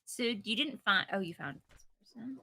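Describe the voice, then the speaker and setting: A woman co-playing a game on stream, with a bright, forceful tone. Her banter is quick and teasing, middle in pitch. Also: expressive, vocal fry, husky, no room sound. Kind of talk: casual game chat.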